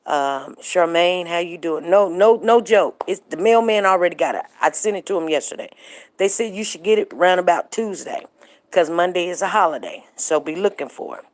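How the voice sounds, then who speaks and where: A woman's voice: on the low side, moderate pace. A middle-aged woman hosting a live show, chatting casually and telling stories straight to her viewers. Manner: chatty, storytelling, addresses viewers directly.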